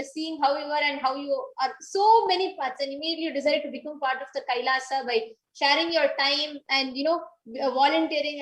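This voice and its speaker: A woman interviewer prompting her guest in loose, rambling sentences. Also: high voice. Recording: echoey room.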